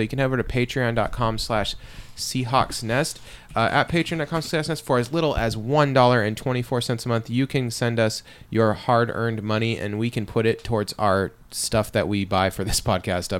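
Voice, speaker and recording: A man's voice: mid-range voice, smooth. A tired young man hosting a casual sports podcast, rambling along with many fillers and restarts. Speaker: podcast host.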